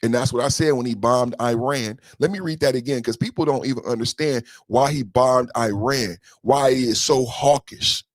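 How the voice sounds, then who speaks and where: A man's voice: medium pitch, moderate pace, hardly any pauses, dry recording, studio quality. A young man hosting a political podcast, ranting with slang and swearing and repeating his lines for emphasis. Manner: profane and slangy. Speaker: podcast host. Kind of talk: heated political commentary.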